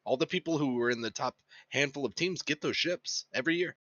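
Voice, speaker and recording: A man's voice: mid-range voice, brisk, bright, forceful tone, dry recording. A man on a discussion panel, arguing his point in a blunt, insistent way. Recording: dry, dull lo-fi mic.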